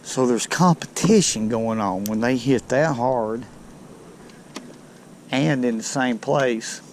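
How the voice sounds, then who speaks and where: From a boat near some docks, a man hosts a fishing video, chatting folksily and talking to the fish he catches. His medium-pitched, darkish voice moves slowly, with slight background noise.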